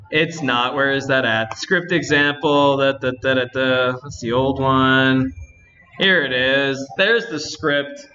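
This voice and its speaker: A man's voice: medium pitch, takes it slowly, pushed and bright, muffled recording, faint music behind. Chatty man hosting a live panel. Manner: rambling, chatty, thinking aloud. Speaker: convention panel host. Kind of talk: live demo to an audience. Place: convention panel room.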